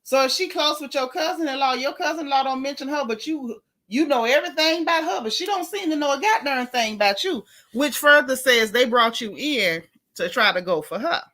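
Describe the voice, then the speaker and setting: Sassy, bright-voiced woman host. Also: high voice, a little fast, few pauses. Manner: sassy, animated storytelling with slang. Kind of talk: casual reality TV recap commentary.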